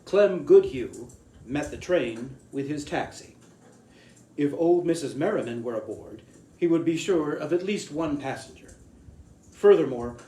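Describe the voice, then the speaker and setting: A man reads a short story aloud in a measured, deliberate way. His voice sits a little high for a man. The recording is roomy and echoey, with a faint hiss underneath. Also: mellow.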